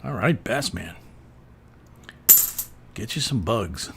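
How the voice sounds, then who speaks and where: A man's voice: lowish voice, animated, slow pace, vocal fry, a little hiss or hum. A man hosting a casual coin-hunting livestream, chatting and answering viewer comments as he sorts coins. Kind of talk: casual live-stream chat.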